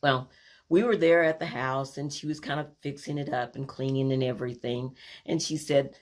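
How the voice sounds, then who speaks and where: A woman telling a personal family story, animated and acting out the scenes as she goes. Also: very deep voice, moderate pace.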